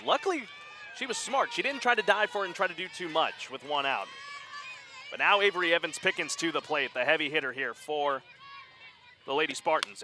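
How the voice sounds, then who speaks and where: Excitable play-by-play announcer, man. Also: a little high, background noise. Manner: rapid, excitable call during plays. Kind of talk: live sports commentary.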